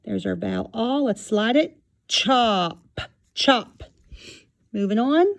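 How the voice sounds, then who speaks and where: Lady teacher doing a slow phonics lesson for little kids, sounding out words carefully. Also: on the high side, expressive, vocal fry. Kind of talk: phonics lesson for young children.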